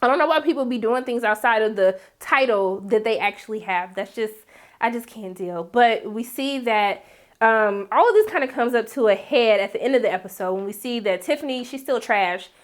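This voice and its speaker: Woman recap host, high voice, sassy and blunt, big jumps up for asides. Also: moderate pace. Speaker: TV episode recap vlogger. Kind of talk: casual recap commentary.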